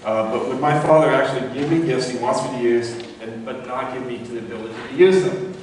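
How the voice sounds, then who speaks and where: A man preaching to a congregation in a relaxed, conversational way, full of asides and questions. He is recorded from a distance in a church sanctuary, so his voice rings with a long, roomy reverb. A faint hum of the room sits behind him. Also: fairly quick. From Florida. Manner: conversational, rises in pitch when acting out voices in a story. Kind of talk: sermon. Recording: echoey church hall from far off.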